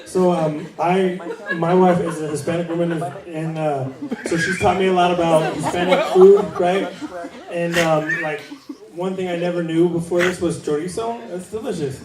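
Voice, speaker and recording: A man's voice: a little high, steady tone, normal speed, heavy background noise. Laid-back man telling stories on stage. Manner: laid-back storytelling, with fillers and asides. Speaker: stand-up comedian. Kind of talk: stand-up comedy battle set. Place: comedy club stage. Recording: roomy club sound from far off, crowd. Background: laughing audience.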